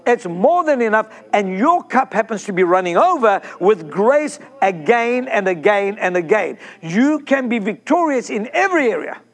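A man preaching an excited sermon, breaking into whoops. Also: sits high, normal speed, few pauses. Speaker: pastor.

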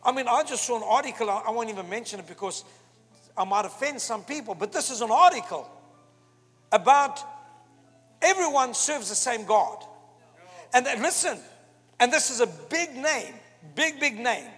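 Male preacher, very high and breathy voice, emphatic sermon delivery, roomy hall reverb. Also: moderate pace, pauses often. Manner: emphatic, animated preaching with quoted asides. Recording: long hall reverb with faint music.

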